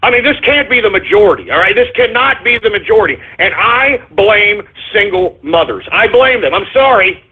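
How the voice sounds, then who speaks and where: A man's voice: high voice, big pitch swings, moderate pace, few pauses, breathy edge. A man hosting a talk radio show, ranting and rambling, repeatedly asking "all right?", over a tinny phone-line sound.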